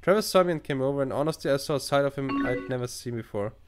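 A man's voice: mid-range voice, fast, music in the background, lightly acted. A man voicing a young woman's text messages as she confides about her boyfriend, in a lilting read-aloud tone. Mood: confiding.

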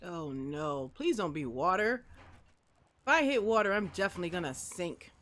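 A woman commentating as she plays a video game, talking to the objects on screen and swinging between mopey asides and excited outbursts. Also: fairly low pitch, moderate pace. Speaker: gamer. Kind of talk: let's play commentary.

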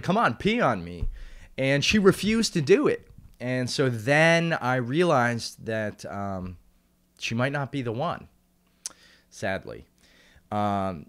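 Rambling deadpan American comedian, lively pitch. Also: male voice. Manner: rambling, with dry asides and self-interruptions. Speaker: podcast host and stand-up comedian. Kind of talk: deadpan comic monologue. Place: room at home, recording alone on camera.

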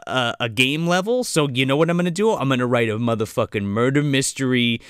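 A man's voice: mid-range voice, a little fast, a bit bright, clean tone, no room sound, studio quality. A man co-hosting a movie podcast in casual banter, laughing often, acting out characters and swearing freely. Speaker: podcast co-host.

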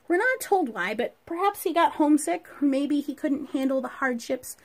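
High-voiced woman teaching a Bible lesson. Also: normal speed. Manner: animated storytelling with rhetorical questions.

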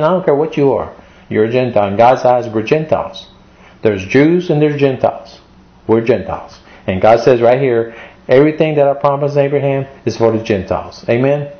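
Guy pastor preaching, gets emotional, repeats himself, kinda dull lo-fi sound. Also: medium pitch. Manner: emotional, repetitive preaching with scripture readings. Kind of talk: sermon.

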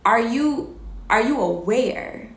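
A woman talking casually about faith as host, animated and slangy, laughing often. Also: a little high, slow, reverberant. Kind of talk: casual faith talk to camera.

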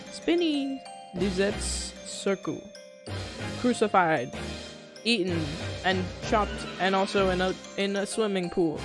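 A woman's voice: medium pitch, slow, music in the background. A woman streaming a game live, giving goofy, playful running commentary and reading the dialogue aloud.

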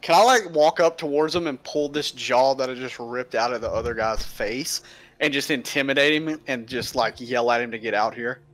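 Bright-voiced brash young man player. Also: mid-range voice, moderate pace, faint music behind. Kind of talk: playing a tabletop game.

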